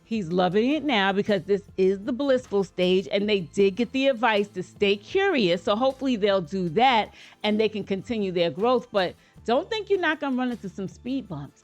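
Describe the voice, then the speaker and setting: An American woman reacting to a reality show in a relaxed, chatty way, addressing her viewers directly and throwing in playful asides. Her voice sits at an ordinary middle pitch. Quiet music plays faintly behind her. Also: moderate pace. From United States. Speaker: reaction video host. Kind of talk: casual reaction commentary.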